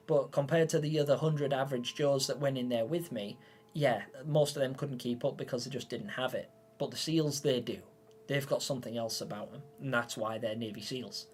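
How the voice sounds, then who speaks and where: A man from England hosting a casual live stream, chatting and rambling as he reads out viewer comments, with bursts of loud excited greetings. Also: medium pitch, normal speed, slight background noise. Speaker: livestream host.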